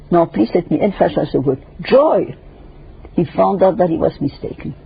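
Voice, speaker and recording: An older woman guest in an interview discussion, speaking emphatically and lecturing in numbered points with a raspy, gravelly voice. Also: fairly low pitch, expressive, normal speed. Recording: dull lo-fi radio recording.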